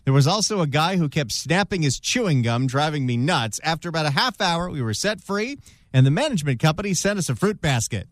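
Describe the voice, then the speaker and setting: A man's voice: fairly high pitch, brisk, no echo. Man, radio co-host, casual banter, wry, dry close mic. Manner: lively, wry, reads emails aloud. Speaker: radio talk show co-host. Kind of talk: casual radio banter, reading listener emails.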